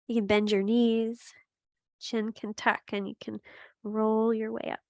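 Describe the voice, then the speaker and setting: A woman teaching a gentle yoga class, giving steady cues with chatty asides and laughing at her own slips. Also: fairly high pitch, a little slow, dry recording, highs cut off. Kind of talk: guided yoga class instruction.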